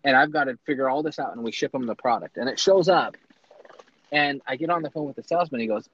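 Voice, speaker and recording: Animated man telling a business story. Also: mid-range voice, quick pace, no echo. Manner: animated, lots of fillers and restarts. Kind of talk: casual storytelling. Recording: dry, slightly dull lo-fi sound.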